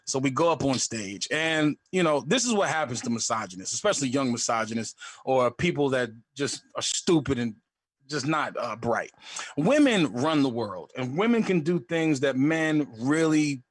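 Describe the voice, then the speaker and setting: A young adult man telling a comic story in a live storytelling show, animated and acting out other voices. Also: mid-range voice, normal speed, dry recording. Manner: animated, acts out voices in a loud hype.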